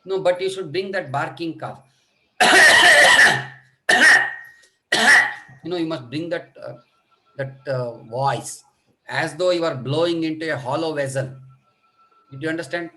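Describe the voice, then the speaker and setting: At normal speed and with a slightly high voice, a middle-aged pediatric lecturer walks an online medical workshop through children's coughs, imitating the coughs and leaning heavily on fillers.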